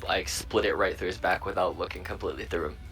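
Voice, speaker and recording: A man's voice: deep voice, steady tone, fast talker, fairly bright tone, faint music behind. A man playing a tabletop game, vividly describing his character's actions. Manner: vivid, playful action narration. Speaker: player.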